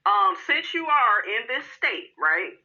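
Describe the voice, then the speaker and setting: A woman hosting a reality TV recap, sassy and animated, calling her listeners honey and girl. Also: high-pitched, slow pace, gravelly, dull audio. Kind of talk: casual recap commentary.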